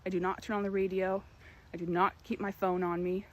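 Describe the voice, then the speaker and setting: A young woman earnestly telling a personal story, with emphatic, dramatic pauses. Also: mid-range voice, level tone, low-quality recording. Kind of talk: personal story told to camera.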